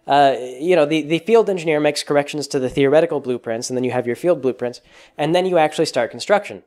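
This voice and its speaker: Rambling man with a fairly high voice. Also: fast talker. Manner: rambling, full of restarts and fillers; grows animated and higher when amused. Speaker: podcast host. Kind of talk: casual monologue.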